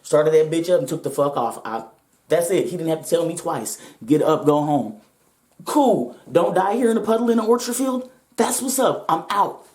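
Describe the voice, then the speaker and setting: Blunt, lively woman in a roomy echo. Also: low voice, moderate pace. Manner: blunt, profane and emphatic. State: voice shaking with nerves. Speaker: vlogger telling a personal story. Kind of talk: casual storytelling to viewers.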